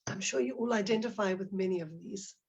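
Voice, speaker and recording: A woman's voice: medium pitch, a little fast, vocal fry, a little mellow, breathy edge, lo-fi sound. A middle-aged woman presenting a teacher-training webinar, explaining examples and reading out participants' chat comments.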